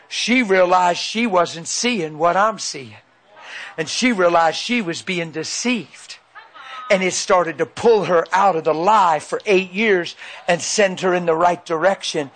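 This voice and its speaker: High-voiced folksy male preacher. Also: unhurried, fairly bright tone. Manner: folksy, emphatic, acts out dialogue. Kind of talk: sermon storytelling.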